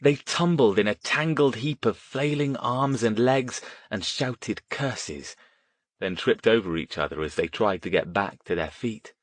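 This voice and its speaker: Low-voiced man narrating an audiobook. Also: a little slow, dry recording. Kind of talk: scripted narration.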